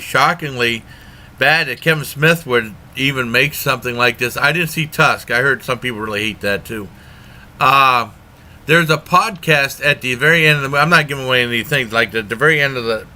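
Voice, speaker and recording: Blunt rambling man with a bright voice. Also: mid-range voice. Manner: blunt and rambling, with frequent fillers. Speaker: movie reviewer. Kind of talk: casual spoken movie review.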